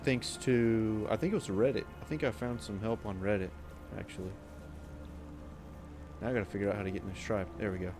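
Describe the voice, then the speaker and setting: A man's voice: fairly low pitch, fairly even intonation, fairly quick, pauses often, over music. A man giving casual, rambling commentary as he plays a video game, talking to himself. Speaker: gaming streamer.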